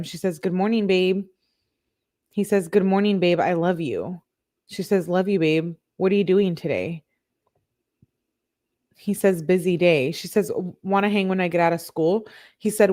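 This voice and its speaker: A woman with a slightly low voice reads a string of text messages aloud on a live stream. She gives the quoted lines a flat, plain read. Now and then she stops to talk with her viewers. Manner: flat reading of quoted messages, broken by asides to chat. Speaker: true crime YouTuber.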